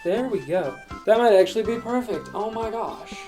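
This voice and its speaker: A teenage guy hosts a casual storytelling podcast, recorded on a phone mic. He's chatty and goofy, and his pitch jumps high when he acts out quotes. A clear guitar tune plays behind him the whole time. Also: normal speed. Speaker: podcast host. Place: loud location. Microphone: phone microphone. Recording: guitar music playing behind.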